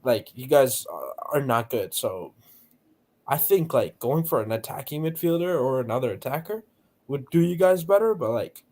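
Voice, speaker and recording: A man's voice: mid-range voice, normal speed. A man in heated casual football chat on a stream, blunt and swearing as he argues his point. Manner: blunt, swearing, animated arguing. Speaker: panelist.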